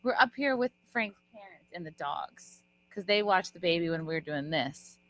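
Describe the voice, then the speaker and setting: Woman, thirties, casual live podcast talk, trails off mid-thought, slightly low pitch. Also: animated, moderate pace, fairly bright tone, dry recording. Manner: chatty, rambling, trailing off mid-sentence. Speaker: podcast host. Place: live event at a resort.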